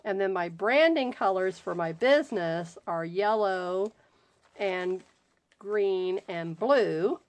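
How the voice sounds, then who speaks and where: A woman's voice: medium pitch, dry recording. A woman hosting a crafting video, casually chatting as she unboxes gifts and gushes over each one. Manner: gushing, exclaims often, slow drawn-out delight. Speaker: crafting channel host. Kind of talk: unboxing happy mail, casual chat.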